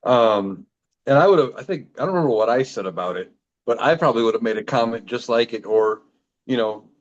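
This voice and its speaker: A man from Iowa who is a guest on a podcast, chatting in an easygoing, animated way. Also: mid-range voice, brisk, highs cut off. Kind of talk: casual podcast chat.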